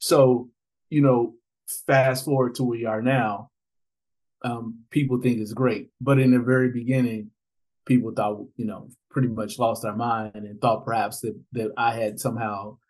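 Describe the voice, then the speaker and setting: This is a man in conversation as a podcast guest, telling stories with a lively, animated delivery. He laughs easily and slips into other people's voices when he quotes them. His pitch sits in the middle for a man. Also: normal speed, low-quality recording. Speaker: podcast guest, author and father. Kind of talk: conversational storytelling.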